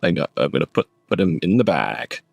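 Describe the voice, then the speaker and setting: A man playing a tabletop role-playing game, talking in rambling, halting restarts. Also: very deep voice, very animated, creaky, no room sound. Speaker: player. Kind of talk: casual tabletop role-play.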